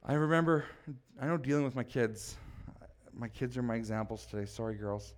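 A man's voice: mid-range voice, fairly quick. A man preaching a sermon as pastor, speaking emphatically and asking the congregation questions.

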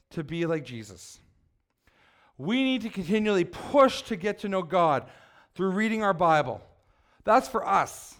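High-voiced man preaching a sermon. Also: fairly bright tone. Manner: earnest, emphatic preaching with call-and-response prompts. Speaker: pastor.

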